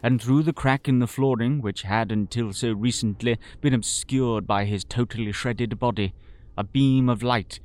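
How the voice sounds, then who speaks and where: A man narrating an audio drama in a pompous, florid manner, as a Victorian-style gentleman. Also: mid-range voice, normal speed. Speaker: storyteller and sole voice actor.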